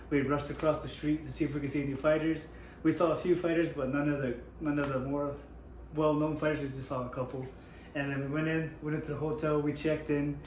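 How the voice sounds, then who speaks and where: A man with a hoarse, strained voice, slightly higher-pitched than most, rushes through an excited story and keeps restarting his sentences. He is recorded in an echoey room with a faint hum of ambience behind him. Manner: rambling with frequent restarts, hyped. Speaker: YouTube MMA channel host.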